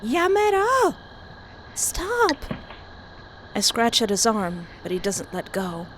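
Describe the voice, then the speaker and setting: Pitched fairly low and speaking at a normal speed, this woman streams a horror visual novel, reading it out with commentary and lots of dramatic, laughing reactions. Poor audio, with a steady hiss in the background.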